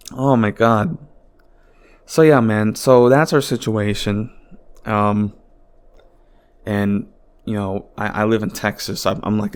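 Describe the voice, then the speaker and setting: A man hosting a podcast, talking alone in a rambling, exasperated way with lots of swearing and filler words, from his home. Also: fairly low pitch. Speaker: podcast host. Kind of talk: casual solo podcast monologue.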